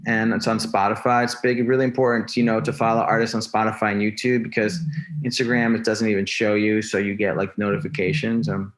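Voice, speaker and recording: Laid-back, lower-voiced man rambling in an interview. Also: flat delivery, a little fast. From New Jersey. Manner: rambling, many fillers and restarts, laid-back. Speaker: guest, rapper. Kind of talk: casual interview chat.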